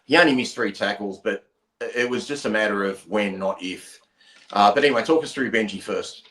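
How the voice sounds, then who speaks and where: An Australian man hosts a casual fan podcast, speaking bluntly in a matey way with a lowish voice. His sound carries a noticeable roomy echo. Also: normal speed, a bit bright. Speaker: podcast host.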